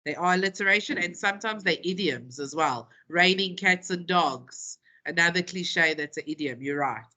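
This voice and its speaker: A woman teaching a classroom lesson, playful and dramatic, stretching out key terms slowly and acting out example phrases. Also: lowish voice, pushed and bright. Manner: playful, acts out quotes in dramatic voices.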